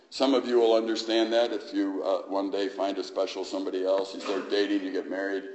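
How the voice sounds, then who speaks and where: A middle-aged man preaching a sermon, chatting with the congregation and then surging into loud, high emphasis. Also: roomy sound, poor audio. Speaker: pastor.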